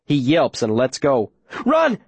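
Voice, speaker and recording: A man's voice: medium pitch, moderate pace, a little mellow, no room sound. Male audiobook narrator, dry close sound. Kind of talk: first-person scripted narration.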